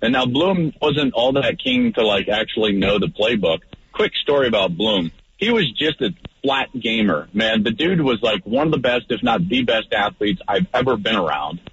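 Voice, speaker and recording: Animated male storyteller on a radio show. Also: on the low side, husky. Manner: lively, fast-talking storyteller who gets loud at the peak. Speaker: radio show guest, football analyst. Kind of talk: animated storytelling in casual chat. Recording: dull lo-fi radio audio, faint noise.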